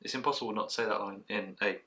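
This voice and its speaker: A man's voice: on the low side, steady tone, rapid-fire, bright, forceful tone, far from the mic. A man giving a chatty, rambling craft beer tasting review. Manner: chatty, rambling, trails off with fillers.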